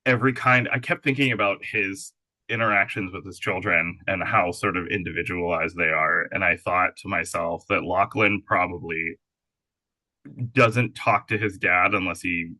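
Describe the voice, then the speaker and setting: A man's voice: sits low, fairly even intonation, moderate pace, bright, forceful tone, dry recording, rough recording. A man interviewing an actor, chatting casually and often chiming in with short agreements. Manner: friendly, frequent short agreements. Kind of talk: conversational interview.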